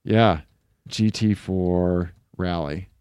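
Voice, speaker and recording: A man's voice: deep voice, clean tone, no room sound, studio quality. Chatty man in casual car talk. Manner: relaxed, chatty, quick asides and laughs. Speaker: podcast co-host. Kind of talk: casual chat about cars.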